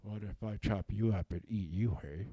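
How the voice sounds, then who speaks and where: A man's voice: fairly low pitch, moderate pace, slightly rough, dry recording, dull audio. A man voicing an indignant, sarcastic cow. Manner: accusing, sarcastic. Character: indignant, argumentative knife-wielding cow. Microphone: handheld microphone.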